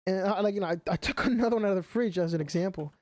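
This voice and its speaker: A young male streamer with a high-pitched voice races through casual chatter as he plays, rambling and packing his speech with "like" and "you know."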